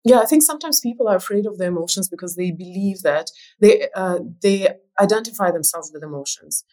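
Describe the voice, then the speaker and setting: A woman's voice: medium pitch, brisk, mellow, poor audio. A woman author and speaker, a guest on a podcast, explaining her ideas thoughtfully with some "uh" fillers. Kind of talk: interview conversation.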